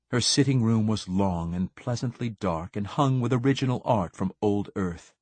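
A man reads first-person fiction in a low, husky voice. His urgent, tense delivery builds in dramatic swells. The sound is dry and close-miked. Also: darkish tone, dry recording. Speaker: audiobook narrator.

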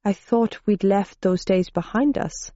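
A woman's voice: medium pitch, unhurried, mellow, no room sound, dull audio, lightly acted. A woman voicing a tall, earnest Swedish woman scientist who explains technical things politely, in a Swedish accent.

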